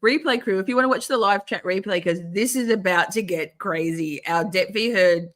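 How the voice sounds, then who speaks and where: A middle-aged woman hosting a casual livestream, chatty and swearing, often clearing her throat and restarting. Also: medium pitch, moderate pace, fairly bright tone. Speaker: livestream host.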